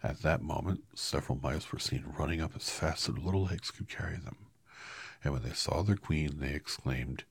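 Man, deep creaky storybook reader, soft and hushed, dry close sound. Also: moderate pace, dry recording. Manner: soft, half-whispered, apologizes for slips. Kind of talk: quiet storybook read-aloud.

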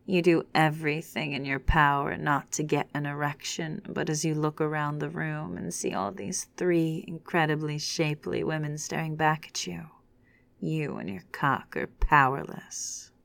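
A woman narrating a second-person story in a hushed, unhurried, often whispered reading. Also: low-pitched, vocal fry, dry recording.

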